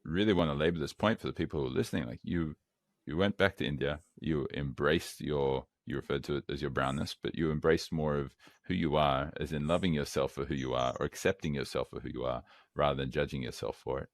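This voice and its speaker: A man's voice: very deep voice, brisk, no echo, clean studio sound. A man in his thirties hosting a podcast, talking frankly and conversationally and swearing now and then. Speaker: podcast host. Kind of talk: podcast interview.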